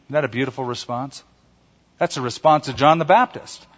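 A man's voice: medium pitch, fairly quick. Preaching man in a reverberant hall. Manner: animated preaching, acts out quotes and calls for congregation response. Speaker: pastor. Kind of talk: sermon. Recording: dull sound with long hall reverb.

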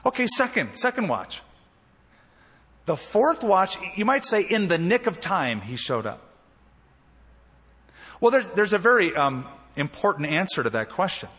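A male pastor preaching a sermon in a church sanctuary, telling the story in an animated way with emphatic swings and quieter asides. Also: high voice, unhurried, pauses often, breathy edge. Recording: reverberant church hall.

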